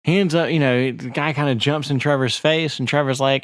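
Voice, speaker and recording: Gravelly, rambling podcast guy. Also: mid-range voice, fairly even intonation, brisk, no echo, studio quality. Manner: rambling, profane, reads screen text aloud. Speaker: podcast co-host. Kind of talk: casual chat.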